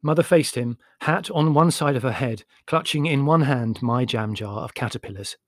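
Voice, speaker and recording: A man narrating a humorous memoir as an audiobook, in a measured, wry storytelling manner. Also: mid-range voice, dry recording, clean studio sound. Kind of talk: scripted narration.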